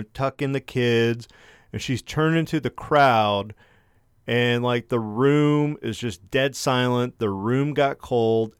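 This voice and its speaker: A man's voice: mid-range voice, clear, resonant tone, dry recording, studio quality. A young man co-hosting a podcast, telling a story in casual, profanity-heavy chat. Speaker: podcast co-host.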